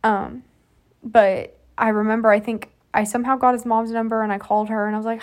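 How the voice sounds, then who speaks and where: A woman in her twenties hosting a podcast, telling a personal story in a soft, halting way with many fillers. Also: on the high side, little pitch movement. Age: 20s. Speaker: podcast host.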